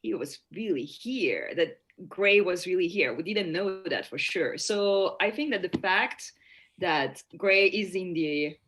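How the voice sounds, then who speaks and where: A woman joins a casual review chat and speaks slowly, feeling her way through each sentence. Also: on the low side, lively intonation, fairly bright tone. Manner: slow, searching for words. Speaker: panelist.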